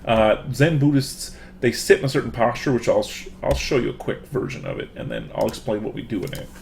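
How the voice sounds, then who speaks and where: A man's voice: medium pitch, wildly swooping pitch, a little fast, creaky, darkish tone, slight background noise. A man, a professor, giving a casual online lecture through a computer microphone, full of fillers and restarts.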